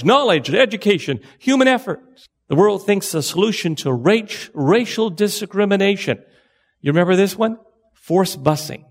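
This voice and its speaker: A man preaching a sermon to his congregation, earnest, repeating phrases and asking rhetorical questions. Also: high-pitched. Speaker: pastor.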